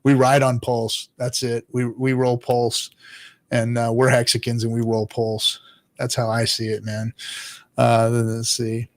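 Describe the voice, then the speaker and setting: A man who is a father hosts a casual livestream, reading chat and answering in a rambling, profane way. He laughs often and sometimes drops to low mutters. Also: completely flat delivery, unhurried. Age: adult father.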